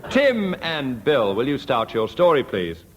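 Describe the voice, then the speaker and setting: A man's voice: medium pitch, sing-song, slight background noise. Dry-toned man chairing a radio panel game. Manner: dry, brisk, announcing scores and rules. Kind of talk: radio panel show hosting.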